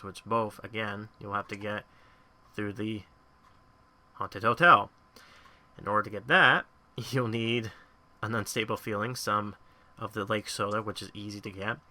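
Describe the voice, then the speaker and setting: A man's voice: on the low side, sharp tone. A man hosting a gaming channel, giving a chatty, rambling walkthrough of a mobile game's crafting and thinking aloud as he goes. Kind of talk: casual game guide commentary.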